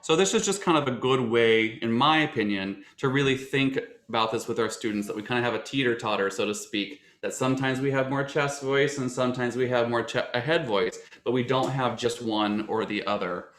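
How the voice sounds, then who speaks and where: A man lectures on voice teaching in a bright, forward voice, circling back on himself with fillers and restarts as he explains. The room around him is echoey. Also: medium pitch, fairly quick, few pauses.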